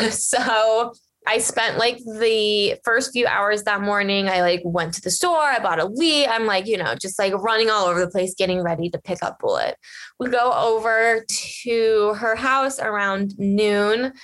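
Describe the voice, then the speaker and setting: A woman's voice: mid-range voice, a bit bright. Chatty young woman gushing through a story. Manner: chatty, fast and gushing, many fillers. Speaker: vlogger. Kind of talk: casual storytelling to viewers. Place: lives in Los Angeles area.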